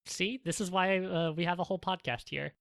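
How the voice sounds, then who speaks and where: Bright tone, dry close sound, chatty podcast co-host, lots of ums and restarts. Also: mid-range voice, fairly quick, gravelly, dry recording. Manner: animated, many fillers and restarts. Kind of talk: casual podcast discussion.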